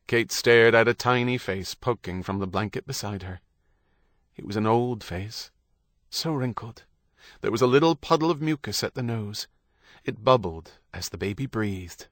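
Guy reading an audiobook, steady storytelling, dry booth sound. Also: medium pitch, moderate pace, no echo. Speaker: audiobook narrator. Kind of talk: scripted narration.

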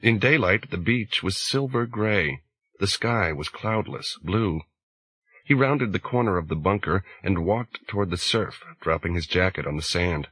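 Male audiobook narrator, deep and husky, measured delivery. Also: no room sound, poor audio. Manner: slow, measured, even. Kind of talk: scripted narration.

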